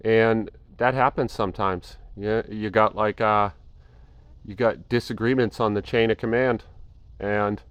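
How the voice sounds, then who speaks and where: A tired fitness vlogger in his home gym talks casually and reflectively over his workout, rambling with fillers and a self-deprecating tone. His voice is on the low side, in a dry recording with the highs cut off.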